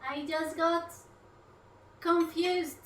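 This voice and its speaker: A woman's voice: very high voice, steady tone, drawn-out words, a bit bright, recorded from a distance. A woman streaming herself cooking at home, chatting casually, rambling, swearing often and talking to her food and her viewers. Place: home kitchen.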